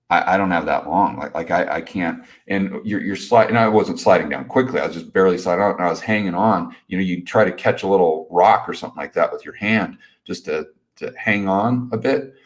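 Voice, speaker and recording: A man with a very low voice tells a personal story on a live stream. He talks casually and rambles, with lots of restarts and filler phrases. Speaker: host telling a personal story.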